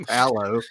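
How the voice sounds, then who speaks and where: A man's voice: medium pitch, sharp tone, no room sound. A man hosting a casual show, joking and laughing often as he introduces his co-hosts. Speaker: podcast host. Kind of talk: casual chat.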